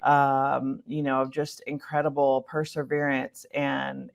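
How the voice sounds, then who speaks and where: A woman's voice: sits low, gravelly. A woman hosting a podcast interview, affirming her guest and speaking in long flowing thoughts. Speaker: podcast host. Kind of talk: interview conversation.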